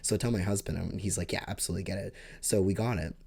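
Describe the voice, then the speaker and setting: A young man telling a rambling storytime monologue to his vlog, excitable, with sudden leaps up in pitch and loudness. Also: rapid-fire, creaky, breathy edge. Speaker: vlogger.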